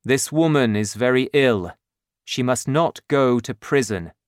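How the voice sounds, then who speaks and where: A kindly mayor from a storybook speaks calmly and firmly, as a man reads him. The delivery is slow and unhurried. The recording is close and dry. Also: mid-range voice, no echo. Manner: calm, firm. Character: calm kindly male mayor, authoritative.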